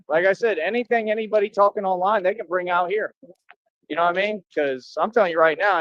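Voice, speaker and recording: A man's voice: high-pitched, a bit bright, no echo. Man, livestream rant, boastful, confrontational, slangy, dry close sound, muffled lo-fi. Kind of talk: rambling monologue to viewers.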